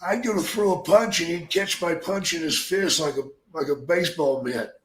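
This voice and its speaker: A man's voice: on the high side, moderate pace, a bit bright, reverberant, low-quality recording. An older man and former wrestler hosting a podcast, telling blunt, profane stories in a casual way. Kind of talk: casual storytelling.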